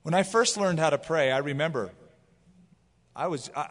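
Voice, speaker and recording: Animated man preaching in a reverberant hall. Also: on the high side, brisk. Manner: animated storytelling with acted quotes. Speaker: pastor. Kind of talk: sermon.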